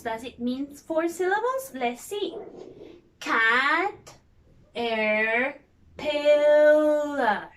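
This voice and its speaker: A woman teacher with a high voice gives a recorded class lesson. She speaks slowly, pulling each word apart into syllables. She asks her pupils questions and cheers them on. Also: fairly bright tone. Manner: slow, sounds words out syllable by syllable. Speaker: English teacher.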